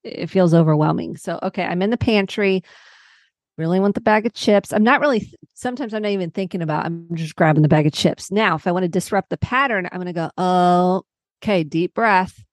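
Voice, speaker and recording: Middle-aged therapist lady, lowish voice, talks you through examples step by step. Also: fast talker, no echo. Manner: warm explanatory, walks through examples. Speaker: psychotherapist guest. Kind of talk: podcast interview.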